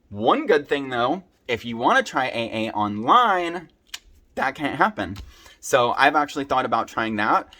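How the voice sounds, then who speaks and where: Speaking with a bright, forceful tone at medium pitch, a young vlogger addresses his viewers directly about his recovery. His advice comes from personal experience, delivered earnestly and with real feeling.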